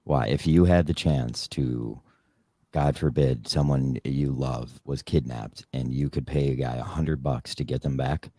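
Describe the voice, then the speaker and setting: Super deep gravelly guy, blunt and sweary, dry close sound. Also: steady tone, unhurried, mellow, dry recording. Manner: blunt, swears often, dismissive. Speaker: podcast co-host. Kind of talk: heated casual debate.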